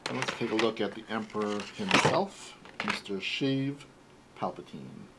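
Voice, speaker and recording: A man in his forties hosting a casual toy unboxing, talking in a relaxed, rambling way. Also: on the low side, a little slow, very noisy. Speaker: toy collector host.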